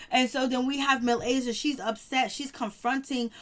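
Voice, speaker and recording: A woman's voice: high voice, fairly even intonation, normal speed. A woman casually recapping a reality TV episode, retelling the drama in a chatty, dramatic way full of fillers. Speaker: TV show reviewer.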